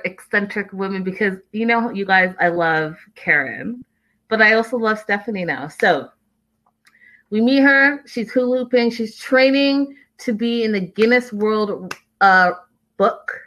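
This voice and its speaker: A woman's voice: on the high side, a bit bright, poor audio. A woman hosting a casual recap, chatty and opinionated, with lots of "like"s. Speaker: reality show recap host.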